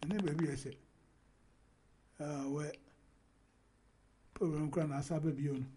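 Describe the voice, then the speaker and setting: A man hosting a casual football chat, animated and laughing often, talking over his co-host. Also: on the high side, moderate pace, slight background noise.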